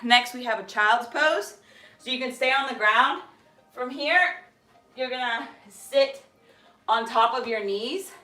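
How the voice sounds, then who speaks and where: Woman fitness coach, encouraging, slightly breathless, bright voice, echoey room, music behind. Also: fairly high pitch. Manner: energetic, encouraging, counting down and calling out cues. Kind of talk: live workout class instruction. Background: workout music.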